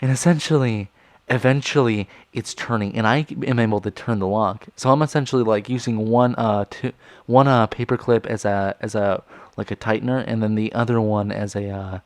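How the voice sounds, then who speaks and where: A man's voice: on the low side, fairly even intonation, normal speed, a little mellow, no room sound. Swearing young man telling a story. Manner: rambling, swears constantly, many fillers. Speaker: vlogger telling a school story. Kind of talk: casual storytime vlog.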